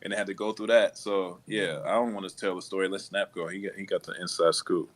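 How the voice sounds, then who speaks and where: A man telling a quick slangy story in casual chat. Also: deep voice, little pitch movement.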